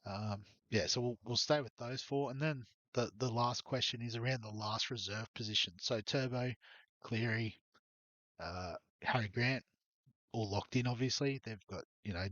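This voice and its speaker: Suffering from hiccups, a man with a lowish, slightly bright voice moves at a moderate pace through a rambling, um-filled tour of his fantasy rugby league team. He's a fantasy sports YouTuber; the audio is dull, with no room sound.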